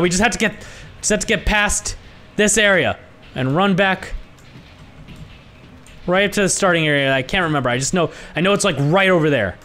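A young man giving let's-play commentary on a horror game, excitable and swearing a lot, yelling when startled. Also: sits high, moderate pace, long pauses. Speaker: gaming YouTuber.

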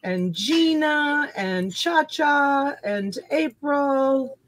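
A woman's voice: high voice, animated, very slow, no room sound. A woman in her fifties hosting a casual live-stream auction, greeting viewers by name and calling them honey and sweetheart. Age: 50s. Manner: warm greetings to viewers, laughs often, calls people honey and sweetheart.

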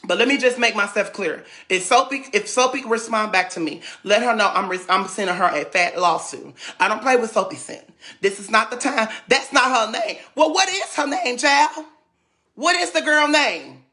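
A man's voice: high-pitched, moderate pace, sharp tone. A man from St. Louis ranting dramatically on a livestream, sassy and repetitive, often stumbling over his words. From St. Louis, USA. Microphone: phone.

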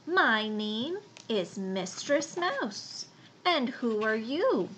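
A woman voicing a small, cold female mouse with a soft, polite squeak. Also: big pitch swings, drawn-out words, slight background noise, exaggerated voice.

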